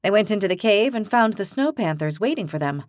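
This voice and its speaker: A woman narrating a fantasy audiobook in clear, even storytelling. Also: medium pitch, a little fast, no room sound, clean studio sound. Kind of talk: scripted narration.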